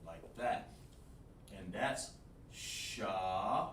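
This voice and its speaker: A man's voice: on the high side, moderate pace, fairly bright tone. A man teaching a live-streamed language lesson, repeating himself and asking the chat for feedback. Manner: repetitive, coaching, asks the chat for feedback. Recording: echoey room, distant mic, faint noise.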